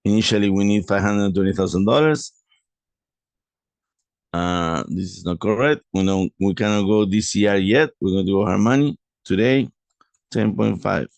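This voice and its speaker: A man walking through a property investment deal in a halting way, correcting himself often. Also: fairly low pitch, creaky, no echo. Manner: halting, many restarts and self-corrections. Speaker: real estate investor presenting a deal.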